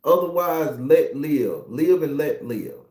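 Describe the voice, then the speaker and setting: A man, a tarot reader, ranting in a casual monologue in a profane, animated, preachy way. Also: fairly high pitch, slow, echoey room.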